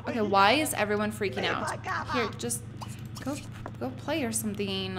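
A woman hosting a let's play, chatting excitedly through casual gameplay commentary with lots of "like". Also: medium pitch, moderate pace, noisy background.

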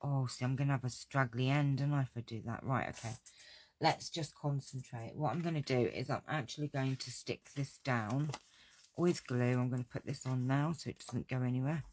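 A woman's voice: very deep voice, moderate pace, darkish tone, a little hiss or hum. A woman hosting a casual crafting video, chatting to her viewers in a self-deprecating way and laughing often.

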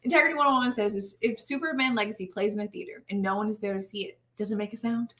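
A woman's voice: medium pitch, fast, a bit bright. A woman co-hosting a casual live stream, reading out chat comments in an upbeat, giggly way.

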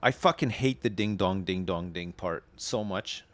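A man's voice: deep voice, measured pace, fairly bright tone. A British man casually chatting and swearing while livestreaming a game, bantering sarcastically with his chat. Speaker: streamer. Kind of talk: casual live game commentary.

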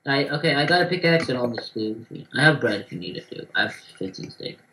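Excitable gamer chatting during play; bright voice, mid pitch. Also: quick pace, low-quality recording. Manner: excitable, loud bursts, curses casually. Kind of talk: casual gaming chat.

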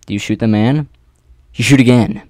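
A man narrating an adventure story in the second person, with theatrical pauses and rhetorical questions. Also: mid-range voice, a little mellow, no room sound. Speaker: narrator reading an AI-written adventure.

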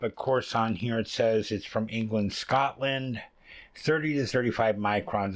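Man, slightly low voice, casual fiber arts host, rambling, filler words, home craft table. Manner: relaxed, rambling, many ums and uhs. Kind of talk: casual hands-on fiber tutorial.

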